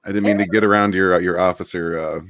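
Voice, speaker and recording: A man guest on a livestream, playful and quick to apologize. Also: low-pitched, fairly even intonation, very noisy. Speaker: stream guest. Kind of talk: casual livestream chat.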